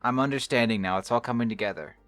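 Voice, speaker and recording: A playful man co-casts a game in a relaxed, chatty manner, close and dry with no room sound. His pitch is mid-range, and faint music runs underneath. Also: no echo. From Southern US. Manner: playful, quick to laugh along. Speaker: tournament co-caster. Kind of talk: casual game commentary.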